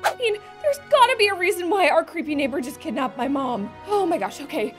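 Very high-pitched, excitable woman. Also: a little fast. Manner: excitable, often shouting. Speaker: host and lead role-player. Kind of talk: acted role-play story. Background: background music.

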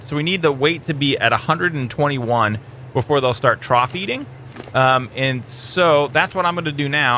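A man hosting a gaming channel, giving chatty, excitable let's-play commentary that keeps bursting into high squeals. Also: slight background noise.

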